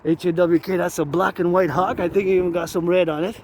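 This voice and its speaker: A man from Quebec talks to his camera outdoors, looping phrases into a steady chant. His voice sits fairly high for a man. Clear traffic and vehicle noise runs underneath. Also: fast talker, poor audio. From Quebec, Canada. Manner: repetitive, chanting phrases over and over. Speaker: vlogger. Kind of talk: rambling outdoor monologue.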